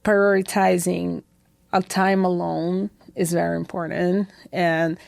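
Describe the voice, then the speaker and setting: Brazilian woman, young adult guest, gravelly voice, dry close sound, chatty storyteller. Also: fairly low pitch, slow, no echo. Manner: lively storytelling, acts out quoted voices, many "like" and "I feel that" fillers. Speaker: podcast guest, head bartender. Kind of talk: casual interview chat.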